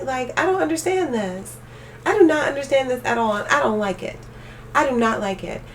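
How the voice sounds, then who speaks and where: A young woman live streaming, chatting casually with her viewers and ranting with animated energy. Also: on the high side, distant mic, slight background noise. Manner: animated ranting, talks straight to chat.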